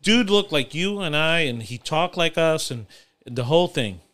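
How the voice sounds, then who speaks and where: A man's voice: a little high, moderate pace. A young adult man hosting a podcast, telling a story in casual, profane chat. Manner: profane, animated anecdote-telling with laughs. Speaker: podcast host.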